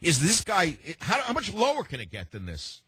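This is an older man hosting a call-in radio show in a sardonic, rambling way, full of sarcasm. His husky voice swings widely up and down. The sound is close and dry. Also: high-pitched, huge pitch swings, normal speed, bright, forceful tone, no room sound. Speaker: radio talk show host.

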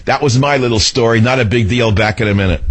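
A man's voice: mid-range voice, quick pace. A man hosting a talk radio show from a studio, telling a story in a combative, indignant way with mocking asides.

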